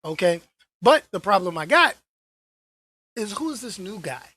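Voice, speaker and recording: Husky, animated man ranting to camera. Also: high-pitched, measured pace, no room sound. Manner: animated, slangy, repeats phrases for emphasis. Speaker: channel host. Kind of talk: casual rant to camera.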